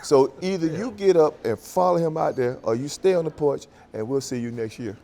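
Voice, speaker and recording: A man's voice: fairly high pitch, fairly quick, vocal fry, mellow. A man in his sixties telling stories in a roundtable chat, laughing and acting out dialogue. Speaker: former running back.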